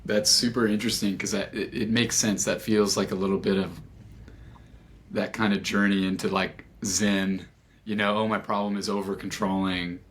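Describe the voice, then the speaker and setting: A man's voice: fairly low pitch, little pitch movement, moderate pace, fairly bright tone, a little hiss or hum. A man hosting a podcast interview, reflecting thoughtfully on his guest's story. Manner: reflective, searching for words. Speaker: podcast host. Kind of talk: casual interview talk.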